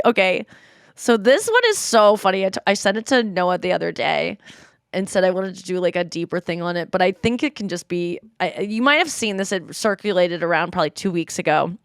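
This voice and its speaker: A woman in her thirties hosts a podcast, chatting casually, telling stories animatedly, and reading texts aloud with frequent giggles. Her voice is medium-pitched and clean at a moderate pace, in a dry, clean studio recording.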